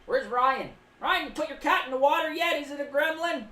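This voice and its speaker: A woman's voice: sits high, brisk, a bit bright, recorded from a distance. A woman streaming as a clown, casually rambling and reading chat aloud, often speaking of herself in the third person. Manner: rambling, playful asides. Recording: roomy, off-mic with faint background noise.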